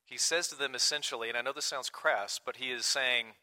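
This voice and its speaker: Bright-voiced man preaching a sermon. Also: medium pitch, a little fast. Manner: earnest preaching, swings from loud emphasis to quiet, hushed asides. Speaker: pastor.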